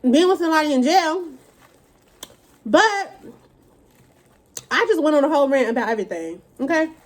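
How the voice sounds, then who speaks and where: A woman's voice: high-pitched, expressive, moderate pace. A woman vlogger talking while she eats, in a blunt, profane, casual rant. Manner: talks while eating.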